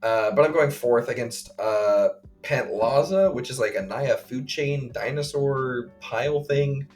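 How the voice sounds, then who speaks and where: A man of ordinary pitch talks through a game on a casual podcast, rambling from move to move with plenty of fillers. He slips into quick acted quotes of the other players. Faint music plays behind him. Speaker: podcast co-host. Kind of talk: casual chat recounting a tournament game.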